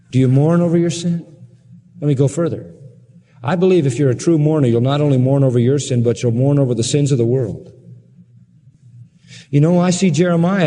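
A male preacher delivers an impassioned sermon, driving home point after point with pointed questions. His voice is dark and mellow, and it rings out with a long reverb from a large church hall. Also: mid-range voice. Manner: impassioned, full of rhetorical questions.

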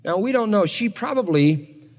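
A pastor with a high voice teaches a Bible passage in a sermon, speaking at a moderate pace with animation. He tells the story conversationally and wryly, adding asides to his listeners, and the hall's reverb lingers long.

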